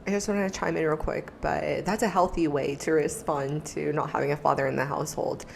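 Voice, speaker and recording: A woman gives reaction commentary in a lower voice. She speaks in an earnest, reflective way, often with soft, musing asides. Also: steady tone, fairly quick, vocal fry, a little hiss or hum.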